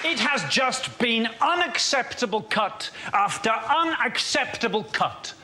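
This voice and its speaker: A man on a comedy panel firing off quick, punchy quips. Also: very high voice, lively intonation, bright, forceful tone, some chatter behind. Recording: echoey noisy studio.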